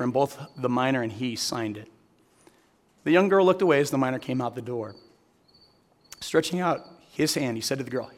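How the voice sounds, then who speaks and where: Man, preacher, earnest sermon, questions the crowd, long reverb of a big hall. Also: medium pitch. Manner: earnest, questions the audience directly. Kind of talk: sermon with storytelling.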